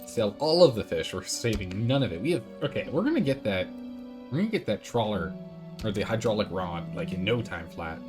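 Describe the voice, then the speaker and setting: Casual gaming streamer, chatty and animated, over game music. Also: male voice, fairly low pitch, fairly quick. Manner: chatty, thinking aloud, reads game text. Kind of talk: casual let's-play commentary.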